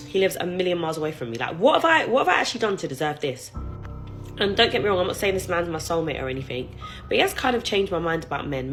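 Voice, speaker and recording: A woman, telling a casual story to camera in a chatty, expressive way. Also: sits low, rough recording. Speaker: vlogger.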